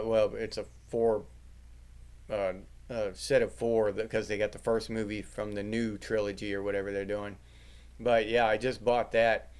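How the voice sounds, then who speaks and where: A man's voice: on the low side, clean tone. A middle-aged man hosting a livestream, chatting casually with his viewers and joking crudely with plenty of swearing. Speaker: livestream host reading chat.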